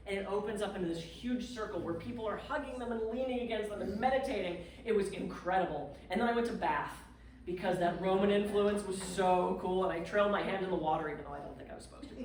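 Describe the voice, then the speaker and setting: A woman's voice: mid-range voice, darkish tone, a little hiss or hum. A woman guest speaker telling a dramatic, self-mocking story to a live audience at a clubhouse event. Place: community clubhouse event room. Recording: echoey room, far from the mic.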